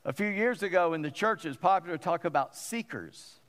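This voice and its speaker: A man's voice: fairly high pitch, animated, brisk, long reverb tail. A man, a pastor preaching a sermon in an emphatic way and repeating phrases for stress.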